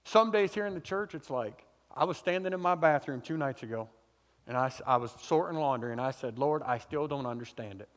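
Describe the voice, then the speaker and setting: A man's voice: a little high, a little fast, a bit bright. A man preaching a sermon as pastor, in a casual, folksy, conversational way, with repeated phrases. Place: church sanctuary. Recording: church hall reverb.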